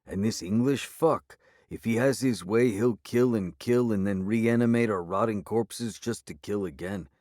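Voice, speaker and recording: A man's voice: on the low side, a little slow, a little mellow, dry recording, studio quality, lightly acted. A man voicing a gaunt, furious male werewolf alpha with a growly, snarling delivery in an audiobook. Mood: menacing. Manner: snarling, hostile, defiant. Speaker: character voice in an audiobook.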